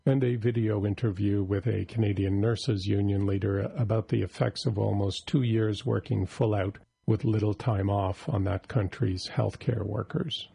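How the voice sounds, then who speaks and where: A man reading a scripted labor news report in a steady delivery. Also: lowish voice, moderate pace, vocal fry, hardly any pauses, breathy edge, dry recording.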